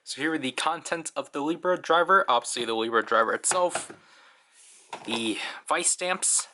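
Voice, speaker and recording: A man's voice: fairly high pitch, normal speed, sharp tone, a little hiss or hum. A young man giving a casual, chatty toy review, full of fillers and small laughs.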